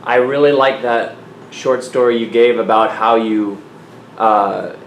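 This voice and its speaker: A man's voice: mid-range voice, flat delivery, measured pace, highs cut off, slight background noise. A man from the audience asking a hesitant, rambling question. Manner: hesitant, filler-heavy questioning. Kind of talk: casual question. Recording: echoey room.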